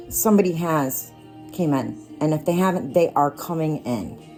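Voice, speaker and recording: A woman giving a casual tarot card reading, talking straight to the listener in an unhurried, reassuring way. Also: low-pitched, animated, a little mellow, faint music behind. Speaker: tarot reader.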